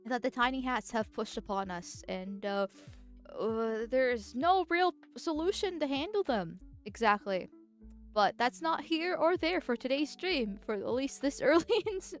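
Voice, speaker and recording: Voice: sits high, big pitch swings, normal speed, faint music behind. A political vtuber streamer chatting casually and reading chat, speaking through a voice changer in a rambling, giggly way. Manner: rambling and giggly, with frequent restarts.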